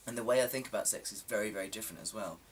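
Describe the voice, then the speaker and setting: Guy vlogging, lowish voice a bit rough and sore, chatty and rambly, mic a bit far off with faint hiss. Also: rapid-fire. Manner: chatty, rambling, self-deprecating, with frequent ums. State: slightly coarse, sore throat. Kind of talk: casual chat to camera.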